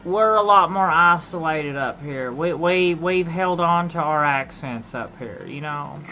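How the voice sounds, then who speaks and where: A woman streamer with an Appalachian accent and a lowish voice, chatting loosely while she plays. She circles back over her words and restarts sentences as her thoughts come, with faint game music underneath. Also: a little slow, sharp tone, low-quality recording. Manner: rambling, repeats and restarts phrases. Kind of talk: casual gaming chat.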